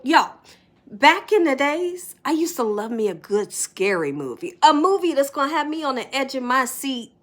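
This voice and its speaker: A middle-aged woman vlogging from home, telling a story to her viewers in an animated way, laughing often and dropping to whispers. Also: sits high.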